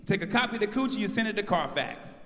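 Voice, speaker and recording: A man in his forties doing brash live stand-up with crowd work, shouting out his punchlines. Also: sits high, expressive, fast, very noisy. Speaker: stand-up comedian. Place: large live venue on stage. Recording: live house mix with long hall reverb.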